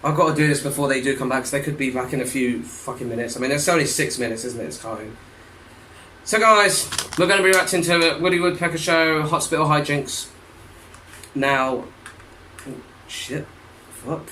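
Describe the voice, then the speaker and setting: Young male reaction host; crude, swearing, outburst-prone; fairly high, tense-bright tone. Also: brisk, slight background noise, poor audio. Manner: swears constantly, loud outbursts. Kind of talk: casual reaction commentary. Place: room at home, wearing a hat.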